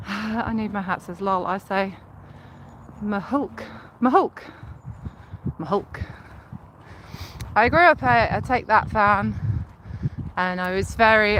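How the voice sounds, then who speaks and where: A young woman from Leicestershire with a softened Leicestershire accent, chatting on a live stream while walking a cycle path, enunciating carefully and giggling. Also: medium pitch, rough recording. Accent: Leicestershire English, toned down. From Leicestershire, England. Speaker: livestreamer. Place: outdoors on a riverside cycle path. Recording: loud outdoor noise, wind and traffic.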